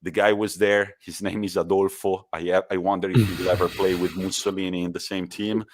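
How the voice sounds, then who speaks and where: Guy, real low voice, lively casual football banter, laughs a lot. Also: a little fast, a little hiss or hum. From Italy. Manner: lively storytelling, laughs and swears. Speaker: podcast co-host.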